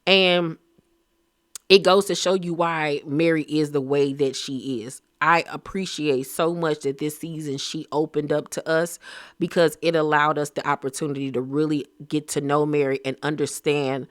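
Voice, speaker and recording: Animated gossipy man recapping reality TV. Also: fairly high pitch, normal speed, no echo, studio quality. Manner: animated, gossipy, slang-heavy. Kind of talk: casual recap commentary.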